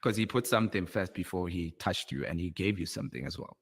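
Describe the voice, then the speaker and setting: A man's voice: deep voice, lively intonation, fast, husky, big-room sound. A man interviewing a guest in a played clip, asking probing, sympathetic questions. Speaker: podcast interviewer.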